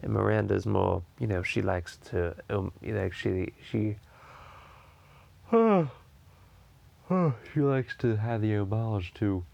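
A man's voice: on the low side, steady tone, slow, vocal fry, long pauses, darkish tone. A man in his thirties hosting a podcast in casual chat, rambling with lots of restarts and free swearing. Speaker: podcast host.

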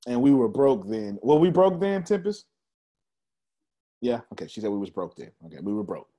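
A man of medium pitch and normal speed gives a motivational talk, telling a story while laughing and addressing his audience directly. He's an animated storyteller speaking to the crowd.

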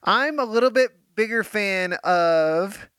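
A man's voice: sits high, animated, slow pace, a bit bright, smooth, dry recording. A man co-hosting a podcast in casual chat, tossing in dry, playful quips and bits of trivia. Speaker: podcast co-host.

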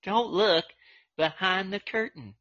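A man's voice: high-pitched, takes it slowly, fairly bright tone, dull audio. A man putting on a wobbly, mumbling old woman's voice to recite famous movie lines. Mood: mock dramatic.

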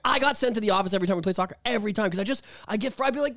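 A man's voice: racing, few pauses, no room sound, clean studio sound. A man hosting a podcast in casual chat, swearing freely and acting out quotes. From Canada. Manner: animated, swears a lot, acts out quotes in high voices. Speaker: podcast host.

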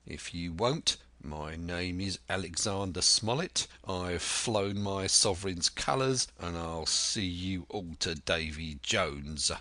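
A man's voice: low-pitched, bright, forceful tone, no room sound, heavily acted. A man playing a stern, commanding sea captain. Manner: slow, clipped, commanding. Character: stern older male ship's captain, unyielding. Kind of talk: audiobook character voice.

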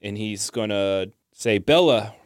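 A low-pitched man talking relaxed at a tabletop game table, explaining his character's moves. His voice is smooth and clear, recorded close and dry with almost no room sound. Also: normal speed, dry recording. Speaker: player. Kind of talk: tabletop role-play table talk.

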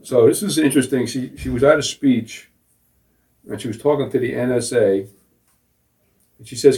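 A man's voice: medium pitch, a little fast. A middle-aged man co-hosting a casual talk show, sarcastic and mocking, laughing at his own jokes. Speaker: co-host. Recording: voice from a distance off the mic.

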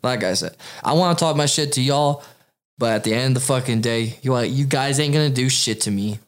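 A man's voice: medium pitch, fairly quick. A man ranting on a casual podcast, boastful and heavy on the swearing. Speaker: podcast co-host. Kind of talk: casual profane podcast chat.

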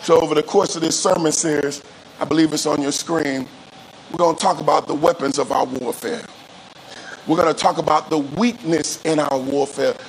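A man with a high, lifted voice preaching to his congregation in call-and-response style. He drags out key phrases for weight and stumbles into repeated words as he restarts. A faint hiss sits under the voice. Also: fairly even intonation, moderate pace, low-quality recording. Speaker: pastor. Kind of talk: sermon.

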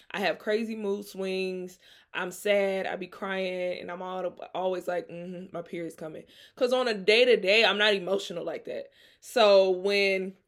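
A woman's voice: medium pitch, fairly bright tone. A young woman from Mississippi with a Southern accent, hosting her podcast in a loose, chatty way and laughing often. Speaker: podcast host. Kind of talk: casual chat.

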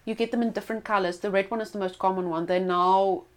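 A woman's voice: medium pitch, steady tone, quick pace. A woman eagerly adding facts in casual chat, with fillers and restarts.

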